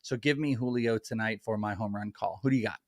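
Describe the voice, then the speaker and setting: A man co-hosting a fantasy baseball show, telling stories in a lively way. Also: fairly low pitch, fast. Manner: animated storyteller. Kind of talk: casual live show banter.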